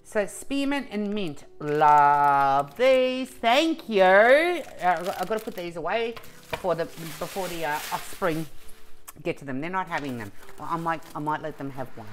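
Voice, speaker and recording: A woman's voice: lowish voice, animated, measured pace, faint music behind. A woman in a casual unboxing vlog who gushes with emotion and often breaks off in the middle of a sentence. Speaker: vlogger.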